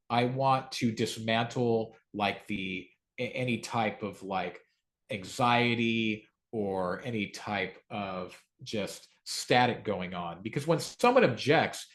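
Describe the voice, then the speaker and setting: Lively man coaching sales calls. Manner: lively, acts out calm low rebuttals. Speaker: sales trainer. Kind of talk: sales training talk.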